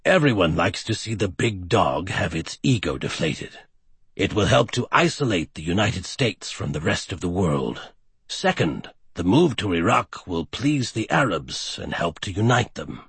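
A man voicing a smug, quiet villain leader. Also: on the low side, gravelly, breathy edge, no echo, exaggerated voice. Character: scheming male villain leader, calm and smug.

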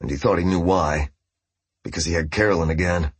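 A man reading a novel aloud as narrator, in a steady storytelling voice. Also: sits low, a little fast, breathy edge, dry recording. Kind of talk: scripted audiobook narration.

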